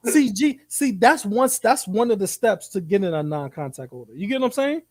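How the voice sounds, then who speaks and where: A man co-hosting a live commentary stream, talking in an animated, profane and rambling way, often repeating himself. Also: high-pitched, brisk, dry recording.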